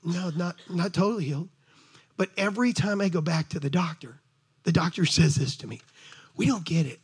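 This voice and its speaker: A middle-aged man preaching a sermon to a congregation in an animated, conversational way, talking straight to his listeners. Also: high voice, a little fast, husky. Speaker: pastor. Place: church service before a congregation.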